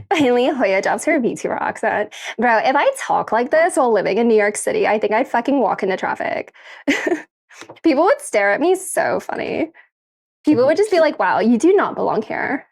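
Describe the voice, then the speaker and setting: Very animated and fairly high-pitched, she speaks at a normal speed. She's a young woman on a live kitchen stream, giggly and foul-mouthed, casually addressing viewers and her pets.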